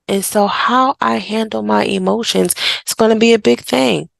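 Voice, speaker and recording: A woman therapist speaks in a casual, direct way, offering parenting advice as she talks. Her voice has a heavy, gravelly fry. The recording is dry and close, with no room sound. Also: a little high, moderate pace, fairly bright tone, dry recording. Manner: direct and conversational, slipping into quoted voices. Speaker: therapist and podcast host; mother.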